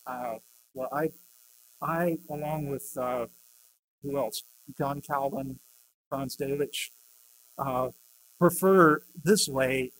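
Male preacher, unhurried sermon delivery, faint hum behind. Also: on the high side. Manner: reads scripture with rising emphasis, plain teaching otherwise. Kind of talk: sermon with scripture reading.

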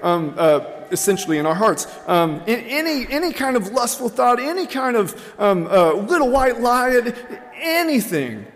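A man's voice: very high voice, big pitch swings, normal speed, few pauses, big-room sound. A man preaching a sermon, telling a story earnestly with many ums and uhs. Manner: earnest storytelling with frequent fillers.

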